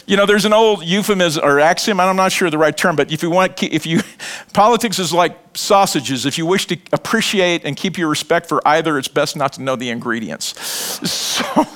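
A middle-aged man preaching a sermon in a conversational, animated way, joking and acting out little scenes. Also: high voice. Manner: animated, conversational preaching with laughs and acted quotes. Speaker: pastor.

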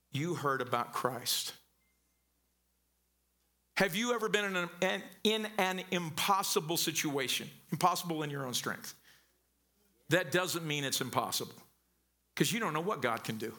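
A pastor from southern Missouri delivers a casual sermon. His voice sits high and sounds bright and ringing. He tells stories in a loose, talky way and often restarts his words. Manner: conversational, stammering restarts, storytelling.

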